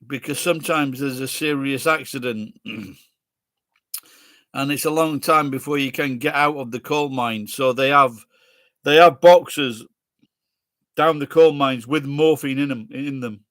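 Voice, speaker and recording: A man's voice: medium pitch, measured pace, long pauses, a bit bright, dry recording, studio quality. A man in his sixties with a Sheffield accent, hosting a livestream in casual chat, bluntly answering viewers' questions and swearing freely. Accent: Sheffield English. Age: 60s. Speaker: livestream host reading viewer comments.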